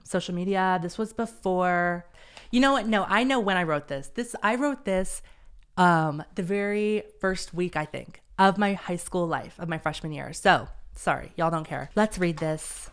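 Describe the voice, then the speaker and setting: Young male podcast host, smooth clear voice, rambling and self-deprecating. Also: high voice, fairly bright tone. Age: young adult. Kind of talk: casual solo podcast chat.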